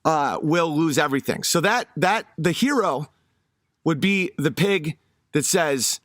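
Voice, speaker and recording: A man's voice: fairly high pitch, expressive, measured pace, a bit bright, no room sound, studio quality. Man rambling through a casual monologue. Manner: rambling, with many fillers and restarts.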